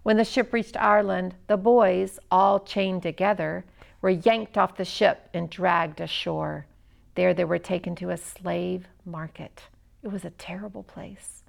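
A woman narrating a children's story expressively, with dramatic pauses. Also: medium pitch, vocal fry.

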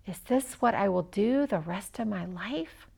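A woman's voice: medium pitch, animated, unhurried, gravelly, a little mellow, slightly rough, exaggerated voice. A woman voicing an earnest, homesick teenage boy in a children's story.

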